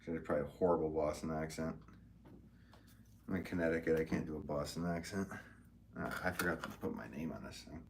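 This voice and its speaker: Male potter, very low voice, rambling live-stream host chatting to his viewers over faint ambient noise. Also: fairly even intonation, quick pace, long pauses. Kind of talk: casual live-stream chat while working at the wheel. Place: pottery studio at the wheel.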